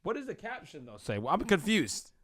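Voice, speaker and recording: Lively laughing man on a podcast. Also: sits high, a crowd in the background. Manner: animated, laughs a lot, quick reactions. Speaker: co-host. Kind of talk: casual podcast chat.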